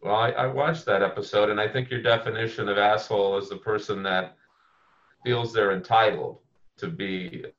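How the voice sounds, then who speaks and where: A man's voice: fairly low pitch, fairly even intonation, moderate pace, a bit bright, lightly acted. A man playing a blunt, proudly abrasive male tech visionary who talks in an emphatic, combative way and swears freely. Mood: defiant. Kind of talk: comedic impression interview. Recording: muffled lo-fi audio.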